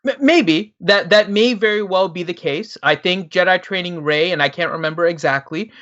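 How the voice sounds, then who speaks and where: Bright-voiced man arguing calmly. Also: high voice, normal speed. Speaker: livestream co-host. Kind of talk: casual chat. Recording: dull lo-fi audio.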